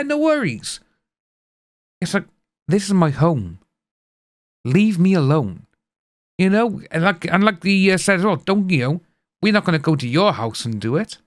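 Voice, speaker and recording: A man's voice: on the high side, dry recording. A British man giving rambling casual commentary and acting out what others said. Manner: chatty, rambling, acts out quotes. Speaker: reaction video host.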